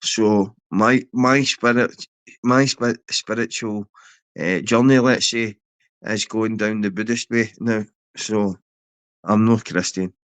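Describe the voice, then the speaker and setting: A man's voice: lowish voice, takes it slowly, a bit bright, no room sound. A man from Glasgow with a Glaswegian accent, ranting aggressively at a rival on a livestream, taunting and swearing. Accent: Scottish, Glaswegian. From Scotland. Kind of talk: confrontational livestream rant.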